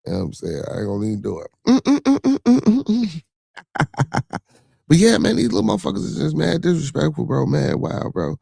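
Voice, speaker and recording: A man chats on his own live stream in a loose, rambling, profane way and talks straight back to the people watching. His voice is mellow and gravelly. The sound is dry and close, with no room echo. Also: fairly high pitch, wildly swooping pitch, racing, few pauses. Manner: profane, rambling, reacts to chat viewers. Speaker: podcast host. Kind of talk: casual livestream chat.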